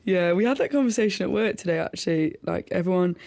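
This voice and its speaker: A woman's voice: fairly low pitch, animated, fast talker, vocal fry, darkish tone, no echo. A woman with a Northern English accent co-hosting a podcast in casual, teasing chat. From Northern England. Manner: chatty, teasing, laughs a lot. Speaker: podcast co-host.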